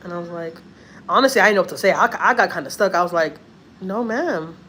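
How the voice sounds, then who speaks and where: A woman with a drawl talks in a fairly low voice, telling a personal story in a casual, earnest way. She loops back over her points and repeats phrases as she goes. Faint ambient noise sits under her voice. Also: rapid-fire, sharp tone. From Houston, Texas. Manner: chatty, earnest, repeats herself. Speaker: family vlogger.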